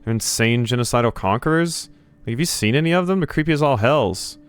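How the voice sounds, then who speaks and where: A man's voice: mid-range voice, animated, fairly quick, clear, resonant tone, pitched above the performer's own voice, close to an everyday voice. A man voicing a sullen, rude teenage halfling girl in a video game, with a snappy, defiant manner. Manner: snappy, eye-rolling, defiant. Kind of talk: reading game dialogue aloud.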